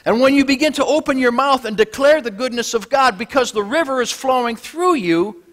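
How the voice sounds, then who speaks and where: A male pastor preaching a Sunday sermon, swinging between loud declarations and low, quiet lines. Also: brisk. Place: church sanctuary.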